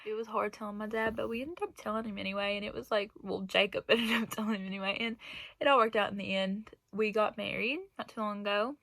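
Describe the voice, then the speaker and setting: A woman's voice: medium pitch, steady tone, quick pace, vocal fry, a bit bright, no room sound. A young woman telling a personal story in a casual vlog, rambling and laughing between phrases. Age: young adult. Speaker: vlogger.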